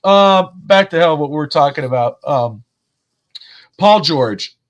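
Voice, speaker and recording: A man with a somewhat high voice talks sports on a podcast in a relaxed, chatty register. He tells stories with energy and swears a lot, jumping from one idea to the next. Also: a little slow, highs cut off. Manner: animated, profane storyteller. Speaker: podcast co-host. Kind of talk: casual sports chat.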